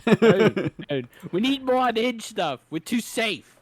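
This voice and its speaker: A man's voice: high-pitched, very animated, no echo. A man co-hosting a podcast, chatting casually in a cheeky, jokey way. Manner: cheeky, jokey, quick to laugh. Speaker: podcast co-host. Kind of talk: casual chat.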